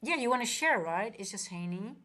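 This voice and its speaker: A woman's voice: mid-range voice, lively intonation, fairly quick, sharp tone. A woman coaching traders on a casual livestream, talking earnestly and rambling with many restarts. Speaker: trading coach and livestream host.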